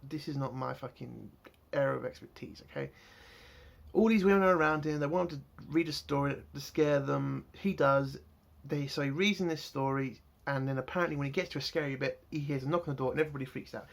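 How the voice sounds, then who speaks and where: A man's voice: medium pitch, fairly quick, gravelly. A man, ranting angrily and swearing heavily as he reviews a TV episode. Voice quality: heavy swearing, heated ranting. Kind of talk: angry solo review rant.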